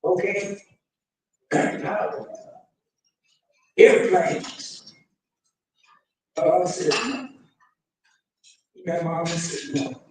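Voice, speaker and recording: A man delivering a sermon, addressing his congregation and building to shouted emphasis. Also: sits high, very slow, long pauses, slight background noise. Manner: preaching with rising shouted emphasis. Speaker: imam. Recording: echoey hall, mic from far off.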